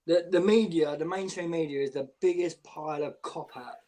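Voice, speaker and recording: A man's voice: on the high side, a little fast, dark tone. A man in his late twenties in a casual football chat, blunt and sweary. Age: 20s. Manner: blunt, sweary, repetitive restarts. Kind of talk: casual banter.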